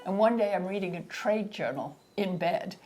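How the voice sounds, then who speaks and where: A woman's voice: mid-range voice, expressive, moderate pace, over loud music. A woman from Scotland reminiscing in a chatty, wry way in an interview. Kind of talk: humorous reminiscing.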